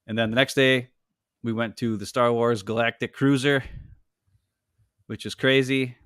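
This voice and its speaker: A man in his forties, a podcast co-host telling a story in a casual, rambling, animated way. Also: medium pitch, measured pace, smooth, dry recording, studio quality. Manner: rambling, animated, heavy use of "like".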